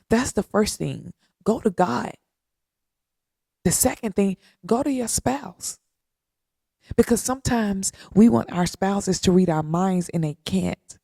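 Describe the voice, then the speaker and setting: Woman podcast host, slow earnest faith talk, gravelly and dark voice, dry close sound. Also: mid-range voice, no room sound. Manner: earnest, repetitive, with long pauses.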